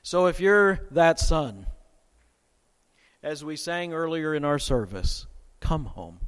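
A man preaching a sermon with dramatic swings in loudness and pace. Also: a little high, expressive, slow, smooth. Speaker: pastor. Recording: long hall reverb.

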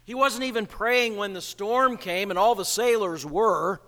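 A male pastor preaching a sermon in a church, slow and emphatic, asking rhetorical questions. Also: high-pitched, a bit bright, in a large hall.

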